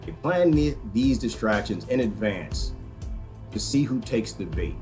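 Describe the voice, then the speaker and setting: A solemn male mentor speaks slow and deep, as a man puts the voice on, grave and ominous in every word. The tone sits well below his usual voice. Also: animated, over music.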